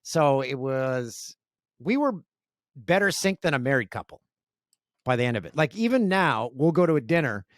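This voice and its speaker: A man from Canada, a sportscaster guest on a podcast, telling stories in an animated way and laughing easily. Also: medium pitch, no room sound, clean studio sound. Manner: animated, storytelling, quick to laugh. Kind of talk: casual interview chat.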